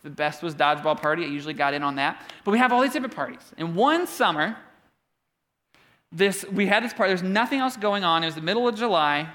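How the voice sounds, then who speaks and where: Animated man in his thirties preaching. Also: high voice, fast talker. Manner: animated storytelling with humor. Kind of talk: sermon.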